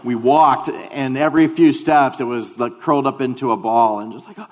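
A man's voice: medium pitch, steady tone, moderate pace, long reverb tail. A male pastor giving a sermon, telling a personal story in a humorous, conversational way.

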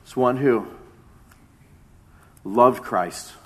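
A man preaching a sermon, retelling a story with dramatic swings between loud emphasis and hushed tones. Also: medium pitch, drawn-out words.

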